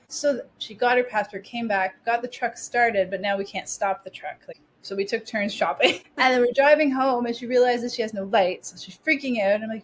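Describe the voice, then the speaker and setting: A woman in her forties, a podcast guest telling stories in a chatty, animated way with lots of restarts. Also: fairly high pitch, brisk, few pauses. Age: 40s. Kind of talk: casual interview storytelling.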